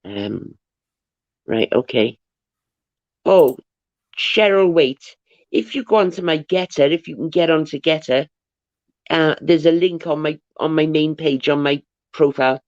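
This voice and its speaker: On a casual livestream, a woman thanks viewers, reads their comments aloud, and wanders into anecdotes, chatty and rambling, stumbling and restarting sentences. Her deep, animated, somewhat dark voice keeps a measured pace with frequent pauses. The sound is dull, lo-fi, dry, and close.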